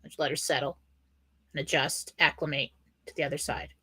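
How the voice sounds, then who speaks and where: A woman's voice: low voice, little pitch movement, fairly quick, sharp tone, slightly rough. A woman on a live show giving psychic readings in a chatty, loose way. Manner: chatty, lots of fillers and restarts. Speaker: psychic reader. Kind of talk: casual live show chat.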